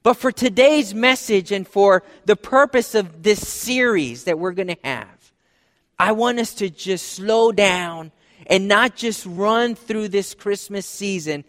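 A man's voice: sits high, slow pace, fairly bright tone. A man preaching a sermon as pastor, earnest and repeating phrases for emphasis. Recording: long hall reverb.

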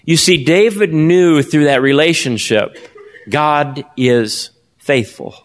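A man preaches to his congregation, his voice sitting a little high and swinging up and down for emphasis as he throws questions out to them. The sermon rings out with a long reverb off the hall walls. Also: slow. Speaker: pastor.

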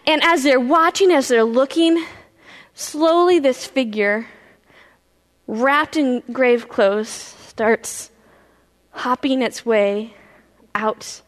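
A woman pastor telling a Bible story in a sermon, animated, acting out the characters' voices. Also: on the high side, slow, long pauses. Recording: reverberant hall.

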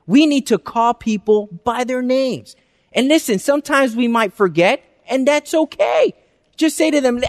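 A male pastor preaching a sermon. He reads scripture slowly and acts out everyday greetings. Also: very high voice, lively intonation. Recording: reverberant hall.

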